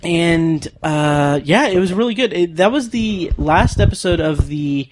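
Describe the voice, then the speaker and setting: A woman's voice: on the low side, animated, unhurried, background noise. A woman co-hosting a podcast, chatting casually about TV shows with many fillers and frequent laughs. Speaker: podcast co-host. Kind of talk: casual chat and show review.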